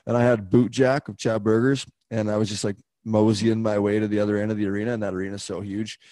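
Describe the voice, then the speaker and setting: A young man co-hosting a podcast, telling a story casually, swearing, laughing and shouting out quoted lines. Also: on the low side, quick pace, dry recording. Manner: profane, laughing, animated retelling. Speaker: podcast co-host.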